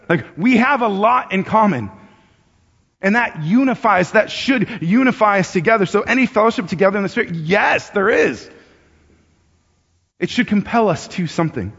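A man with a high voice delivers a sermon in a loose, conversational manner, repeating words as he thinks aloud. He lifts his voice when acting out urgent appeals. The recording is dull and muffled, with a long reverb from a large church hall. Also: animated, brisk, fairly bright tone, breathy edge. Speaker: pastor.

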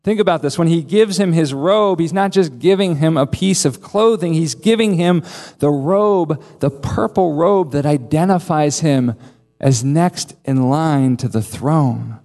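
A man preaching a sermon, emphatic and earnest, with dramatic pauses. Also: a little high, warm tone. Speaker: pastor. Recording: long reverb of a large hall.

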